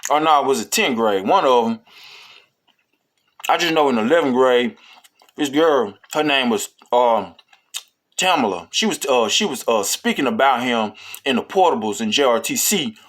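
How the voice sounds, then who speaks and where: A man's voice: medium pitch, animated, moderate pace, a bit bright. A man telling a story in a casual, rambling, profane way, with many fillers.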